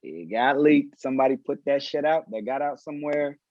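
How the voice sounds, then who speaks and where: A man hosting a casual podcast discussion, steering the talk with questions in a measured way. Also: medium pitch, a little mellow, no room sound. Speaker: podcast host. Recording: dull lo-fi, dry sound.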